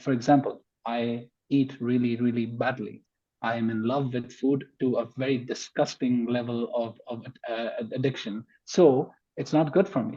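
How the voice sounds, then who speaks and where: Man, podcast guest, mellow husky voice, emphatic debater, slightly muffled recording. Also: medium pitch. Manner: emphatic, argues point by point. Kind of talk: conversational podcast discussion.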